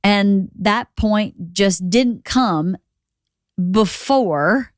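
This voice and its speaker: A woman's voice: mid-range voice, drawn-out words, no room sound, studio quality. A woman in her forties, a mother co-hosting a podcast, telling parenting stories in an earnest, reflective way. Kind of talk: casual podcast chat.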